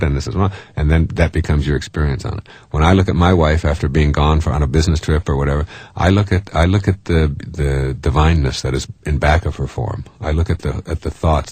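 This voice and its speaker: A man's voice: rumbling low, a little mellow, breathy edge, dry recording. A man giving a motivational talk in a conversational way, often chuckling and acting out the voices of people he quotes. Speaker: self-help speaker.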